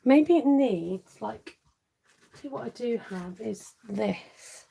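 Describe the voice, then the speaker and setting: Middle-aged woman, chatty live craft demo host, mellow tone with gravelly edges. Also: a little high, expressive, takes it slowly, rough recording. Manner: chatty, laughing, reads viewer comments aloud. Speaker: stamping craft demonstrator. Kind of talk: live-stream craft tutorial chat.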